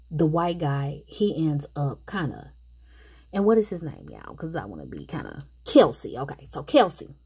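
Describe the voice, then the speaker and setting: A woman's voice: sits low, mellow, slightly rough. A woman casually recapping a movie plot and chatting her opinions straight to the viewers. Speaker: movie reviewer.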